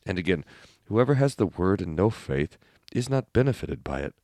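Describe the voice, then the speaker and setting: Deep-voiced man reading a sermon. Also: big pitch swings, warm tone, dry recording, studio quality. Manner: measured, earnest reading. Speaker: reader. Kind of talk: reading aloud an old sermon text.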